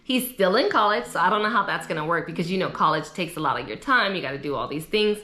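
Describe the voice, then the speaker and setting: A woman's voice: lowish voice, fast. Young woman, chatty opinionated recap vlogger, echoey room. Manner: chatty, opinionated, animated asides. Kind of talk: casual chat.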